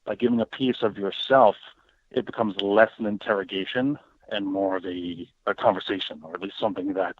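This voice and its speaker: A man's voice: fairly low pitch, fairly quick, a little hiss or hum. A man speaking as a guest on an interview show, talking casually and animatedly and often acting out what other people say. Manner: animated, acts out quoted voices. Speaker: guest, paranormal educator. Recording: tinny phone line, dry.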